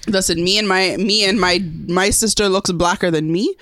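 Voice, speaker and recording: A woman's voice: mid-range voice, fairly even intonation, normal speed, fairly bright tone, no room sound, clean studio sound. A woman co-hosting a casual podcast, ranting with heavy swearing and bursts of laughter. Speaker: podcast co-host.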